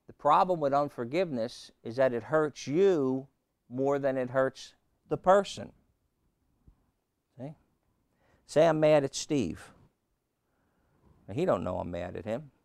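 Gravelly-voiced man preaching a sermon. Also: medium pitch, a little mellow, no room sound. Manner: conversational storytelling with rhetorical questions; humorous, repeats key lines. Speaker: pastor.

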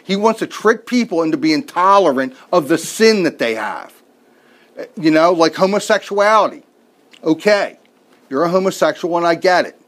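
A man's voice: fairly high pitch, expressive, normal speed, a bit bright. A middle-aged man preaching a sermon, telling a family story with folksy jokes and asides.

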